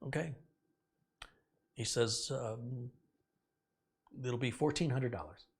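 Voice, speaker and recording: A man's voice: mid-range voice, slow pace, breathy edge. A middle-aged man hosting a live stream, casually retelling a story and acting out the quoted dialogue with indignation. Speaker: host.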